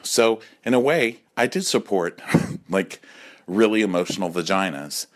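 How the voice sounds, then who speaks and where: A man in his forties riffs through a campy, profane comic monologue, his voice swinging widely up and down as he acts out other people. His pitch sits a little low for a man, and he is recorded at home. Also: animated, unhurried. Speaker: comedy podcast host.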